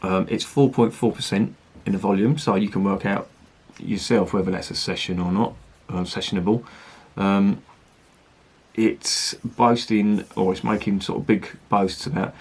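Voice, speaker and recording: Husky, low-voiced beer reviewer. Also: male voice, steady tone, normal speed. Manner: rambling, chatty and sweary. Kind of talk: casual review chat.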